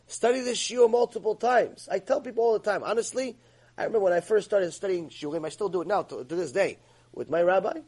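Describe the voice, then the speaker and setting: Husky, high-voiced man giving an emphatic lecture. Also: fast talker, darkish tone, poor audio. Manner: emphatic, scolding, acts out quoted voices. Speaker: Torah teacher. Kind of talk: religious ethics lecture.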